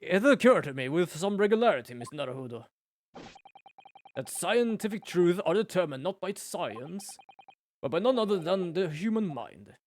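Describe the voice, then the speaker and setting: A man's voice: sits high, big pitch swings, normal speed. Man doing a grandiloquent detective. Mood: theatrical. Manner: grandiloquent, formal, theatrical. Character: flamboyant male detective, older, theatrical.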